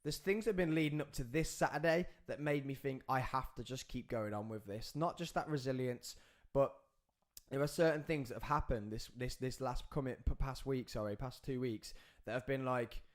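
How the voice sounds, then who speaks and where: A man's voice: mid-range voice, moderate pace. A man hosting a live podcast. He rambles and jokes, and he keeps breaking off to talk to the crew. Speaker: podcast host.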